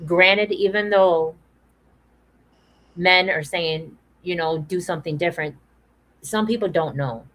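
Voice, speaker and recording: A woman's voice: lowish voice, a little slow, pauses often, fairly bright tone, low-quality recording. A woman hosting a discussion, talking earnestly and repeating phrases for emphasis. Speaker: podcast host. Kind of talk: earnest awareness talk.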